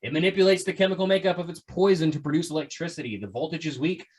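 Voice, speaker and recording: A man's voice: a little high, fast, darkish tone, husky. A man hosting a podcast in a casual, joking way, teasing his co-hosts and reading out facts. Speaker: podcast host. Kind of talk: casual chat.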